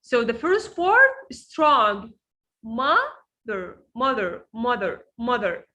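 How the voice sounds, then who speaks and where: A woman with an Egyptian Arabic accent teaches English pronunciation over a video call. Her voice sits high and bright, and she speaks slowly, repeating each word again and again as she corrects her students. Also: very animated, low-quality recording. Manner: repeats words slowly in drills. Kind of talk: online pronunciation lesson.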